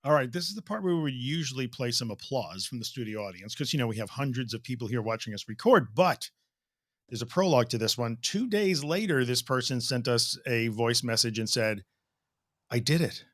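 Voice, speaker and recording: Male co-host, brisk and joking, dry studio sound. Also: mid-range voice, expressive, fairly bright tone, no echo. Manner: joking, playful. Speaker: podcast co-host. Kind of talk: casual podcast chat.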